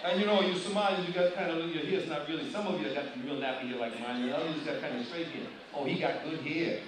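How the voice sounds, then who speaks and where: A man preaching a sermon, addressing the congregation directly with questions in an animated manner. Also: a little high, fast, heavy reverb, crowd noise. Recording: distant mic, loud room ambience.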